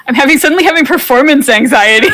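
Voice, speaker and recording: Bubbly high-voiced woman chatting. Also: lively intonation, quick pace, bright, forceful tone. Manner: bubbly, encouraging, laughs easily. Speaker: voice actor. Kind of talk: casual group call chat.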